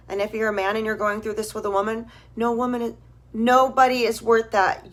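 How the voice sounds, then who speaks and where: A woman's voice: a little high, steady tone, normal speed. A woman in her thirties on a live stream, talking earnestly and emotionally to her followers and repeating phrases for emphasis. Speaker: vlogger.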